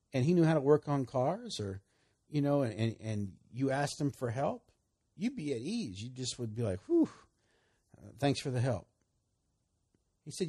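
A middle-aged man preaching, telling a personal testimony with animated storytelling, his voice jumping up when he gets excited. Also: medium pitch, husky. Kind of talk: sermon testimony.

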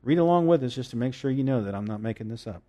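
A man's voice: medium pitch, expressive, very fast, warm tone. A man preaching a sermon, reading scripture and explaining it emphatically, with jokes and asides.

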